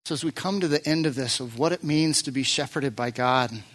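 A man preaching a sermon to his church as its pastor, earnest and emphatic, rising to loud peaks and dropping to quiet, prayerful moments. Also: medium pitch, fairly quick.

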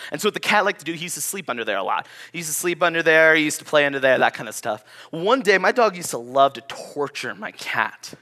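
A young man preaching with a bright, forceful voice that sits a little high. He tells stories in a lively, conversational way as a pastor giving a sermon. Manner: animated, storytelling, conversational. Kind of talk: sermon with personal story.

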